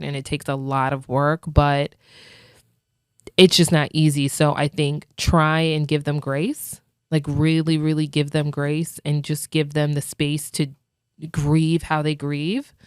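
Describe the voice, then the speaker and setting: A woman's voice: sits low, level tone, a little slow, clean tone, dry recording, clean studio sound. A young woman co-hosting a podcast, talking in a casual, earnest and reassuring way, with lots of "like". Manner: earnest, reassuring, heavy use of "like". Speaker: podcast co-host. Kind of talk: casual chat.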